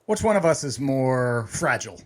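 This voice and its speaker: A man's voice: medium pitch, very animated, moderate pace. A middle-aged man co-hosting a casual podcast, joking around and laughing often while he talks. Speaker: podcast co-host. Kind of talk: casual chat.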